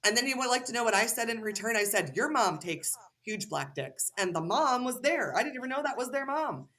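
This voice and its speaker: A woman's voice: on the high side, animated, quick pace, pushed and bright. Heated, cursing woman on a podcast. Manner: heated, profane, ranting. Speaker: podcast guest. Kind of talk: casual podcast conversation.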